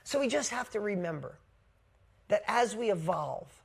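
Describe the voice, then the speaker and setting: Female coach, live motivational talk, blunt and high-energy, salty language. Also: moderate pace, vocal fry, husky. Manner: energetic, blunt, swears casually. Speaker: business coach. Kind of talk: motivational storytelling to a live group.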